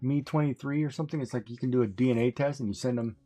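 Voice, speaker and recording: Casual male co-host, chatty storyteller, mid-pitched, faint music behind. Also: rapid-fire, mellow. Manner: storytelling, acts out voices, laughs often. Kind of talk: casual chat.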